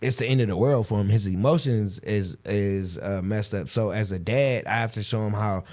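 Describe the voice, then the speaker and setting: A man, hosting a casual interview and telling stories with lively quoted voices. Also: lowish voice, normal speed. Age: 30s. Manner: animated storytelling, acts out quoted voices. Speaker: podcast host.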